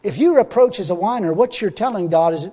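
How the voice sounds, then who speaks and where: High-voiced folksy preacher in an echoing hall. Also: male voice, animated, a little fast, slightly rough. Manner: folksy, laughs often, swells to loud exhortation. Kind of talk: sermon. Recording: long hall reverb.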